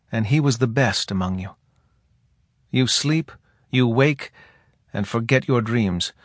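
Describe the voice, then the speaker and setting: A man voicing a calm, grave alien native leader who speaks softly with a slight singing lilt. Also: medium pitch, no room sound, clean studio sound. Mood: solemn. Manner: soft, measured, faintly singing speech. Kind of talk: audiobook character reading.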